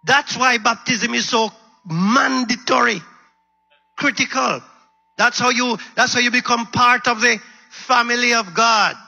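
A man preaching a sermon in a church, calling out to the congregation and repeating his points for emphasis, with a husky voice. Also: very high voice, measured pace, sharp tone. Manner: call-and-response preaching, repeating lines for emphasis. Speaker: pastor. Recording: live sermon in a reverberant hall with faint music.

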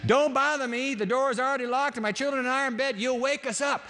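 A grumpy neighbor, woken at midnight, snaps at the caller from his bed, played by a preacher. He talks high and fast in his irritation. A long hall echo hangs behind him. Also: bright, forceful tone, heavily acted. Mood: annoyed. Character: grumpy sleepy neighbor in bed refusing the door.

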